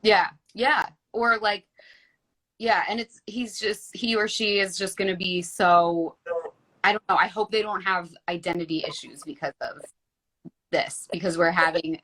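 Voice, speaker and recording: A woman's voice: medium pitch, steady tone, unhurried, fairly bright tone. Chatty American woman guest. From United States. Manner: chatty, leans heavily on "like". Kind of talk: casual chat.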